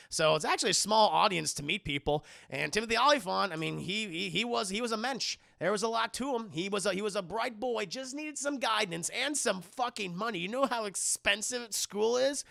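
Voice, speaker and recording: A man recapping a movie scene by scene for his live chat, swearing freely and acting out every beat. His voice is heavily gravelly, with a bright, forceful edge. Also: high voice, normal speed. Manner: animated, swearing, acts out scenes. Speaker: streamer film reviewer.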